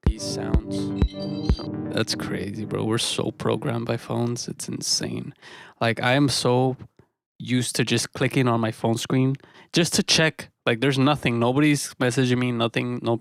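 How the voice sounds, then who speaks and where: A man's voice: mid-range voice, vocal fry, no echo, clean studio sound. A man casually chatting through a music production live stream in a laid-back, rambling way, dropping "bro" now and then.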